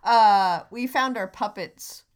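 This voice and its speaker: A woman co-hosting a comedy podcast in casual chat, dry and halting, full of restarts. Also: mid-range voice, clear, resonant tone. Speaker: podcast co-host.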